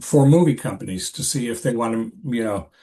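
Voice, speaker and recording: Relaxed and unhurried, an older actor guesting on a podcast shares a long-ago experience. He speaks at a medium pitch, halting and meandering, frequently restarting and circling back with fillers.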